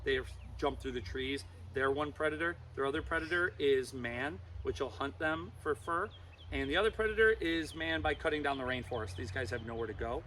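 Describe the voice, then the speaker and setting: A man's voice: mid-range voice, brisk, a bit bright, a little hiss or hum. A man presenting a live animal show to kids, playful and teasing.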